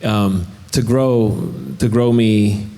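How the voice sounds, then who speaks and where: A man's voice: on the low side, extremely slow, mellow. A man in the audience thinks aloud and searches for words, restarting his sentences as he shares his thoughts. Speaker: audience member asking a question. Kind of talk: reflective Q&A comment. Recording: long hall reverb.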